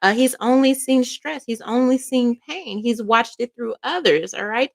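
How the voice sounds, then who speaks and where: A woman's voice: on the high side, moderate pace, vocal fry. Fervent woman giving a tarot reading. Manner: emphatic, with frequent check-ins like "all right?" and "okay?"; emotional, fervent. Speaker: psychic tarot reader.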